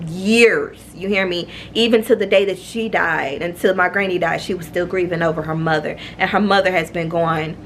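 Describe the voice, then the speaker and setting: A woman vlogger telling a personal story to her viewers, earnest and confiding, repeating herself and jumping up high in pitch when she gets emphatic. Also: a bit bright, slight background noise. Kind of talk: candid personal storytelling to camera.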